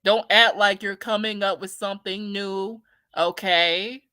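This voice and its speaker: A woman speaks with a bright, crisp tone. She rants bluntly and heatedly in casual commentary, swearing often and repeating her points. The sound is dry and close to the mic. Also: medium pitch, steady tone, unhurried, dry recording. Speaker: commentary streamer. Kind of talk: casual opinion rant reading chat.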